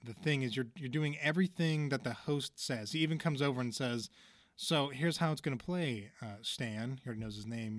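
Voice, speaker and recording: A man's voice: mid-range voice, no room sound, studio quality. Rambling man recapping a cartoon episode. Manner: rambling, lots of fillers and restarts, acts out quotes. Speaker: podcast host.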